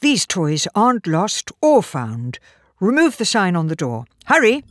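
Casting: woman reading a cool-headed male adventurer, measured and commanding, lively delivery. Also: mid-range voice, dry recording, clean studio sound. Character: calm, clever male time traveller.

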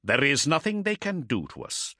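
A man's voice: mid-range voice, no room sound, clean studio sound, pitched above the performer's own voice, full character voice. Man doing a cold, self-assured enemy commander. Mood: calm. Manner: calm, unhurried.

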